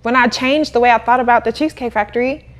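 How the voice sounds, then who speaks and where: A young adult woman, a podcast guest who runs a cleaning business, telling her story in a casual, animated way with frequent laughter. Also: on the high side, fast. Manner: animated, laughing, acts out quoted voices.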